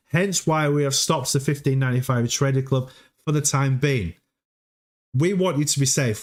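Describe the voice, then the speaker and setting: A man hosting a crypto livestream, talking casually and emphatically, often checking in with "okay?". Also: mid-range voice. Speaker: crypto stream host. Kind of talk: casual advice monologue.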